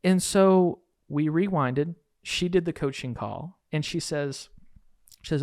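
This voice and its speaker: A man hosting a podcast, telling a coaching story in a lively way and acting out the quoted dialogue. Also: on the high side, slow, dry recording, clean studio sound. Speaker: podcast host and real estate coach.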